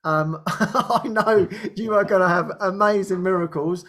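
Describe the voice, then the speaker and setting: A man's voice: high-pitched, a little slow, fairly bright tone. A man hosting a spiritual group talk, often restarting his sentences, laughing and acting out quoted speech. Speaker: host.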